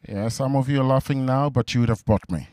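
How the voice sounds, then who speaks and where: A young man doing a stand-up comedy set, halting and full of fillers, on a stage mic in front of a live audience. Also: medium pitch, dark tone. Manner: halting, with many fillers and restarts. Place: comedy venue before a laughing crowd.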